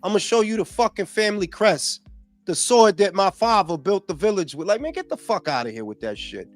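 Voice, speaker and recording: A New man hosts a casual podcast, ranting in a profane, animated way. His voice sits high and swings widely in pitch. Faint music plays behind him. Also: a little fast. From New York. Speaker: podcast host.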